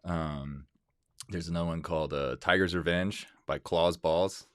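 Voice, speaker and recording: Deep-voiced man rambling guest. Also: fairly even intonation, unhurried, fairly bright tone, clear, resonant tone, dry recording, clean studio sound. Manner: rambling, many fillers and restarts. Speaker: podcast guest, comedian. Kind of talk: casual podcast chat.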